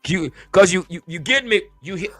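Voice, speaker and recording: A man's voice: sits high, animated, a little fast, faint music behind. A man hosting a casual sports podcast as a former player, ranting in a heated, emphatic, fired-up way.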